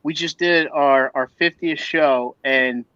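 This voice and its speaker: A man's voice: a little high, steady tone, slow, pushed and bright, dry recording. A man co-hosting a podcast, rambling in casual chat with lots of fillers. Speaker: podcast co-host. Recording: dull, dry sound.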